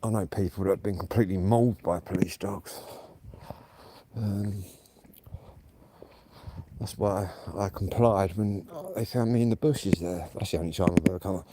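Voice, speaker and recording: English guy with a lowish voice rambling on a night walk vlog, blunt and slangy, lots of noise in the background. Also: fairly even intonation, normal speed, dark tone. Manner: chatty, blunt, slangy storytelling. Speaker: vlogger. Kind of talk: casual walk-and-talk vlog. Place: outdoors at night walking, then indoors at home.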